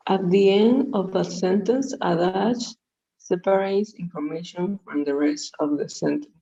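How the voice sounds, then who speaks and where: Woman student reading out loud, slow and careful, low gravelly voice, kinda dull lo-fi sound. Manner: careful, halting reading aloud. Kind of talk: reading aloud in a lesson.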